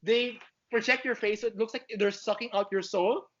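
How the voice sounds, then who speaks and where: Excitable rambling man, muffled sound. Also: high voice, normal speed. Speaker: podcast guest. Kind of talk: casual chat.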